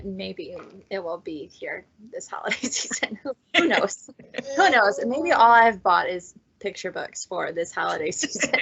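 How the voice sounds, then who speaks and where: Chatty, laughing librarian woman, bright tone, muffled video-call sound. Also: mid-range voice, gravelly, slightly rough. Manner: giggly, chatty, lots of fillers. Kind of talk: casual book chat.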